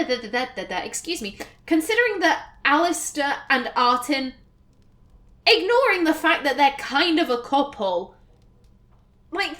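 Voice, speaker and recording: A woman's voice: high-pitched, fairly bright tone. A woman with a Northern English accent, chatting and musing aloud as she plays a game. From Northern England. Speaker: let's play host. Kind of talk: gameplay commentary.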